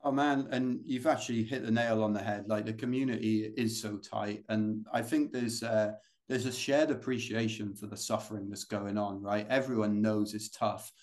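A man's voice: fairly low pitch, steady tone, moderate pace, a little mellow. A British man, a guest on a podcast, telling long stories in a chatty, rambling way with plenty of fillers and restarts. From United Kingdom. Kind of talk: casual interview storytelling.

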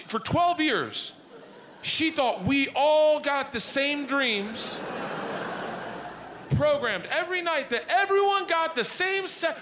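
A man in his forties telling profane family stories as stand-up comedy, animated and prone to loud outbursts. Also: very high voice, background noise.

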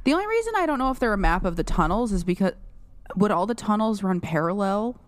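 A woman's voice: medium pitch, big pitch swings, fast talker, no room sound. A woman co-hosting a podcast in casual chat, chatty and giggly with lots of filler words. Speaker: podcast co-host.

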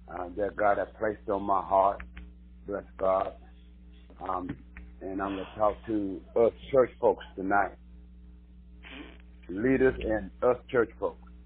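A man hosting a radio sermon and prayer, fervent and repetitive, rising to shouts. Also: fairly low pitch. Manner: fervent, repeats hallelujah, rises to shouts. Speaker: host and preacher. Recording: tinny phone-line broadcast.

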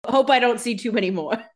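A woman co-hosting a casual podcast who makes jokey asides and laughs often. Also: a little high. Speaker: podcast co-host. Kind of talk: casual recap chat.

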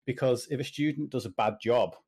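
A British man speaking as a guest in a casual interview, animated and joking as he gives advice. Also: mid-range voice, slightly rough. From Britain. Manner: animated, jokey, talks in quick asides. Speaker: podcast guest, confidence coach.

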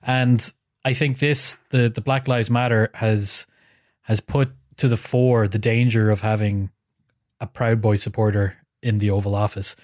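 A man's voice: on the low side, little pitch movement, a little slow, darkish tone, no room sound. Wry man on a dry podcast mic. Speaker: podcast co-host. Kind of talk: casual political chat.

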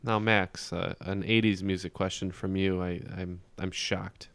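Gravelly, dry-voiced male co-host. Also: low voice, level tone, a little slow, fairly bright tone, no room sound. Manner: wry, teasing. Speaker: podcast co-host and scorekeeper. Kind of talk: casual podcast banter.

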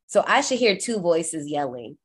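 Animated, profane woman recapping movies. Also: normal speed, slightly rough. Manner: animated, profane, acts out quoted lines in a high voice. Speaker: podcast co-host. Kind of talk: casual horror movie recap chat.

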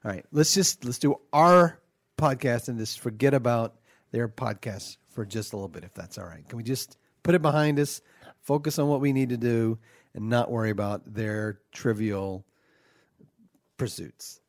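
A petty, easily offended devil hosting his own podcast, played by a man. His voice sits at a middle pitch, aggrieved and flustered, full of restarts. The recording is dry and close, with no room echo. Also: normal speed, natural voice. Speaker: podcast host.

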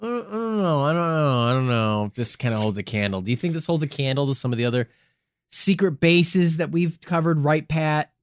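A man's voice: fairly high pitch, lively intonation, brisk, no room sound, studio quality. A man co-hosting a casual podcast, rambling and swearing as he jokes through his points. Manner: rambling, profane, joking. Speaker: podcast co-host.

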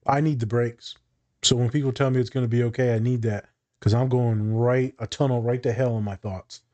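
Male co-host, relaxed profane chatter, mid-range voice, laughs easily. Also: medium pitch. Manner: loose and profane, quick to laugh. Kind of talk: casual podcast chat.

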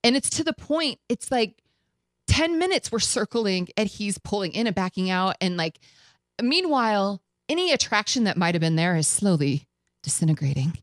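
Eine Frau, Moderatorin einer Radiosendung, die locker und lebhaft eine persönliche Geschichte erzählt und Zitate mit Lachen nachspielt. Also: female voice, medium pitch, moderate pace, no room sound. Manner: animated, acts out quotes with laughs. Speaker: radio show host. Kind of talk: casual storytelling chat.

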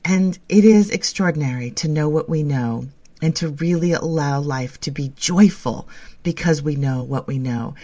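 A woman co-hosting a spiritual podcast, talking in a gentle, flowing, reassuring way. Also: low-pitched, moderate pace. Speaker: podcast co-host. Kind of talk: casual spiritual chat.

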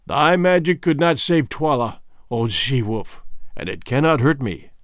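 A man voicing a stern, commanding king in an audiobook, with measured, grave pronouncements. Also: mid-range voice, animated, dry recording, studio quality. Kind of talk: audiobook character voice.

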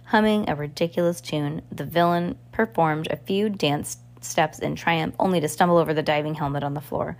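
Woman reading a novel aloud, halting. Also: sits low. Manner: halting, restarts words. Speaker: reader.

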